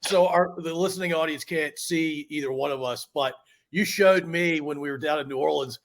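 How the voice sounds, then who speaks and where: A man's voice: on the high side, moderate pace. A man hosting a podcast who asks questions in an easygoing way, repeating words as he cuts in. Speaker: podcast host. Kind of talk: casual interview.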